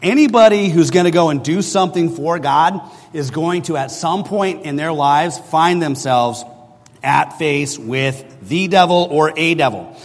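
A man's voice: on the high side, a little slow. A middle-aged man preaching a sermon, telling a personal story in a conversational way and often checking in with the listeners. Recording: long hall reverb.

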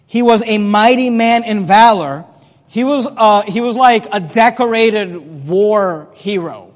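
Very high-voiced preacher in an echoing church. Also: male voice. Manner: conversational preaching with humorous asides. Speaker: pastor. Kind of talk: sermon. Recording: long echoey church reverb.

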